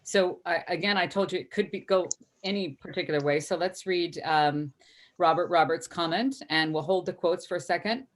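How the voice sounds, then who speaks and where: Low-voiced woman hosting a live stream. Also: moderate pace. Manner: earnest, chatty, reads viewer comments aloud. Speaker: host.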